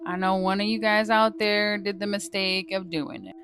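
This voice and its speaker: A woman vlogger casually telling a ghost story, swearing freely in a lively, dramatic way. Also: mid-range voice, moderate pace, faint music behind.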